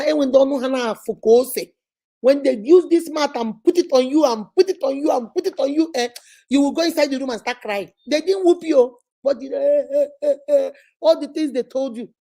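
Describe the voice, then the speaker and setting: A woman's voice: fairly high pitch, vocal fry, dark tone, husky. A middle-aged woman hosting a live relationship advice talk, emphatic and preachy, acting out little scenes as she speaks to viewers.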